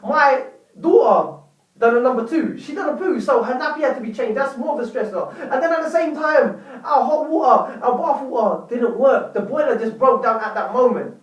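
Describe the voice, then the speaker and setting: A young man vlogging, telling a story to his viewers in a dramatic, animated way. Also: extremely high pitch, moderate pace, roomy sound, distant mic, dull audio. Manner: animated, dramatic retelling with repeated "lo and behold". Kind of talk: casual storytelling to camera.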